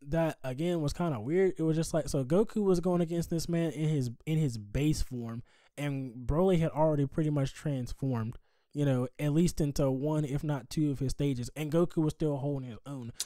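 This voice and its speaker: A man's voice: on the high side, moderate pace, mellow, no room sound. A man hosting a podcast, talking things through in a rambling, thoughtful way. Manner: thoughtful, rambling, many fillers. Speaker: podcast host. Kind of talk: casual chat.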